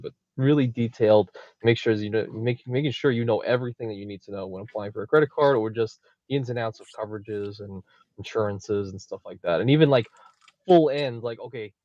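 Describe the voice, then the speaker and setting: A man hosting a casual interview over a video call, encouraging and quick to react with short exclamations. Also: on the low side, darkish tone, no room sound. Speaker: podcast host. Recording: dull lo-fi video call audio.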